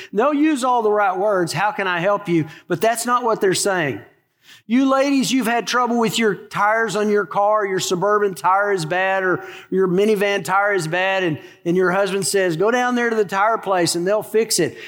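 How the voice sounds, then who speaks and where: A man's voice: sits high, a bit bright. A man in his sixties, a pastor preaching a sermon in a conversational, folksy way with asides to the congregation.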